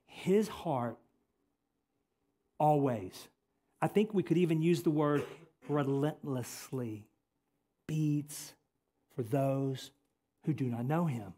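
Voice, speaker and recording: A male pastor preaching a sermon, swinging between loud emphatic lines and quiet, intimate appeals. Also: a little high. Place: church sanctuary.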